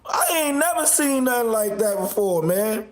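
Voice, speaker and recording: Mocking high-voiced man ranting on a livestream. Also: animated, moderate pace, reverberant. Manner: mocking, loud laughing outbursts, insults viewers. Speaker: livestream host.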